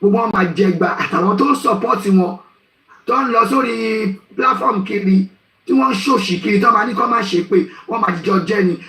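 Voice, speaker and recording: A man hosts a live group talk in a high, bright voice. He speaks in a loud, animated way and switches languages as he goes. He sounds far from the mic, with an echoey room around him. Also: brisk.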